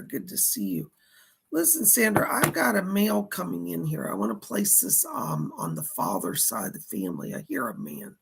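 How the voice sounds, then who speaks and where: A middle-aged man giving live psychic readings, with a hoarse voice that is going and a chatty manner as he reads out viewer donations and questions. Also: sits high, pushed and bright. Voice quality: gravelly. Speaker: psychic medium.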